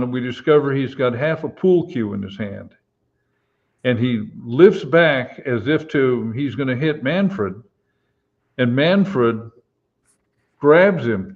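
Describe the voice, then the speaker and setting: Slow-talking man, lo-fi stream audio. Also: mid-range voice. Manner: slow, halting anecdote with many fillers. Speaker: retired police officer, co-host. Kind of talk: casual storytelling on a live stream.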